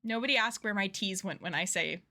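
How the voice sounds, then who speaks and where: A woman's voice: mid-range voice, a little fast, sharp tone. A woman streamer in casual livestream chat while playing a game, chatty, giggly and self-deprecating.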